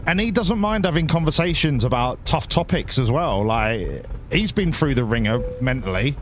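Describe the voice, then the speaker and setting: A man's voice: medium pitch, animated, moderate pace, a little hiss or hum. A man streaming a game as a hobby, chatting casually and sweary with his viewers in rambling banter. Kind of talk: casual live-stream chat to viewers while gaming.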